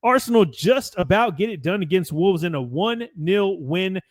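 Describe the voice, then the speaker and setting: Relaxed American man, fairly high voice. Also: moderate pace, no room sound, clean studio sound. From United States. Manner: rambling, relaxed, swears casually, reads match notes. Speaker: podcast co-host. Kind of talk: casual sports chat.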